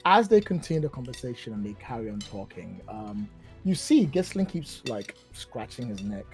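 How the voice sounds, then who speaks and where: A man narrating a tabletop role-playing game as game master, casual and animated. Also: medium pitch, normal speed, soft background music. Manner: animated, casual, rambling with fillers.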